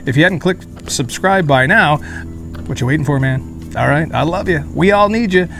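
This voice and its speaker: A man's voice: on the high side, moderate pace, vocal fry, fairly bright tone, soft background music. A man hosting a casual beer review vlog outdoors in a beer garden, chatty and rambling with jokey asides, sweating in the heat. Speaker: beer reviewer, channel host.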